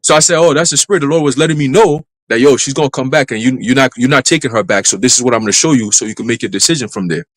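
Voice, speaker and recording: A man in a live church stream telling a dream as testimony, in brisk street slang with some cursing. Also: mid-range voice, no echo, rough recording. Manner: brisk storytelling full of street slang and profanity. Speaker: church minister.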